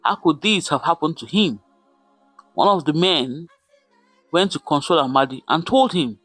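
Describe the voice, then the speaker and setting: Male storyteller, dramatic, repetitive phrasing, high pitched, animated. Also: moderate pace, long pauses, no room sound, faint music behind. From Nigeria. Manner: dramatic, repeats words for effect. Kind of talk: folktale narration.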